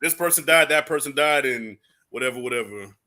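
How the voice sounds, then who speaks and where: A man's voice: medium pitch, brisk, bright, forceful tone. A man in his thirties, a movie reviewer, chatting casually on a livestream, laid-back and swearing, laughing often.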